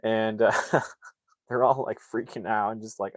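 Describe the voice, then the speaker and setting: A man's voice: lowish voice, steady tone, measured pace, no echo. A man casually recapping a film's plot as a movie reviewer, rambling with lots of fillers.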